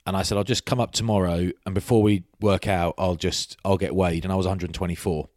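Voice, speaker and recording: A man with a very deep voice co-hosts a rugby chat, spinning long, matey anecdotes in a loose, casual way. His voice sounds dry and close to the mic. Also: fairly even intonation, fast talker, darkish tone, no echo. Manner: rambling anecdotes, matey banter. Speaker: rugby podcast co-host.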